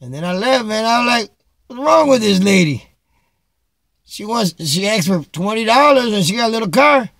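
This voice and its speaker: Animated man telling a street story. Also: high voice, moderate pace, no room sound. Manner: animated, mixes Spanish phrases, repeats "man". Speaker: vlogger. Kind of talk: casual storytelling. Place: Chicago.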